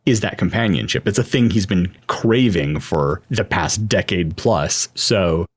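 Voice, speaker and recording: A man co-hosting a casual podcast, playful and quick to laugh, reading the show's outro. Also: low-pitched. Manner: playful, laughs easily, reads show outro. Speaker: podcast co-host. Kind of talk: casual chat.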